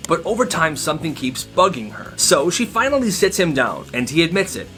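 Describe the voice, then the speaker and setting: A man's voice: fairly high pitch, big pitch swings, moderate pace, hardly any pauses, a bit bright, soft background music. A man narrating stories in a casual, chatty way with lots of asides.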